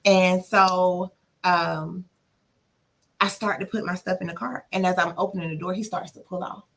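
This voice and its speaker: A woman's voice: lowish voice, fairly even intonation, moderate pace, fairly bright tone. A woman guest on a podcast, retelling a painful experience from her past. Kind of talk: personal storytelling.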